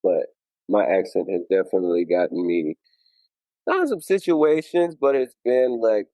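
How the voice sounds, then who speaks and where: A man's voice: on the low side, expressive, normal speed, mellow, no echo, rough recording. A man with a country Southern US accent, chatting as a podcast co-host in a laid-back storytelling way. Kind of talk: casual chat.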